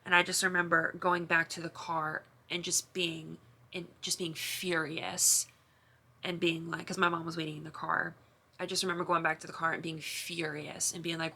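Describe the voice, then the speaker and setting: A woman's voice: on the low side, level tone, moderate pace, creaky, pushed and bright. A young woman vlogger talks to camera in an emotional, confessional way, rambling with many restarts and fillers.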